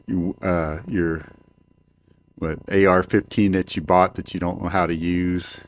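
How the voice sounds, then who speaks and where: Older male home-show host, lowish pitch; profane, rambling monologue with frequent stalls. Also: little pitch movement, measured pace. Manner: profane, rambling, hesitant with many fillers. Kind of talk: ranting monologue. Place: home, indoors. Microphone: desk microphone.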